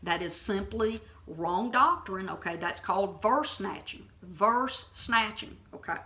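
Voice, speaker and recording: A woman teaching the Bible in an informal, impassioned way, her voice bright and forceful. She speaks bluntly, leans hard on her points, and keeps asking "okay?" to make sure her listeners follow. Her pitch sits in an ordinary middle range. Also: expressive, measured pace.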